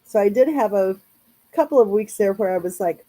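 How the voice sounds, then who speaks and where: A woman's voice: medium pitch, expressive, fairly quick, dark tone, poor audio. A woman hosting a casual live chat, talking in a chatty, rambling way with lots of fillers. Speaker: true crime channel host.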